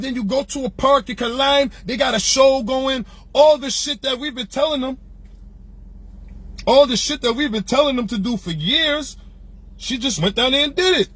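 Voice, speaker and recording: A man with a high, husky voice delivers a passionate, profanity-laced rant as the host of his opinion show. He talks loosely and heatedly, with lots of slang, like someone holding court among friends. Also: fairly bright tone. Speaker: podcast host. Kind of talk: ranting opinion monologue.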